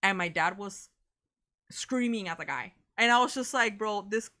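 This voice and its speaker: Animated young woman telling a story. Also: mid-range voice, moderate pace. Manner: animated, swears freely, says "bro" a lot. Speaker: co-host of a reaction channel. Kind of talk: casual storytelling chat.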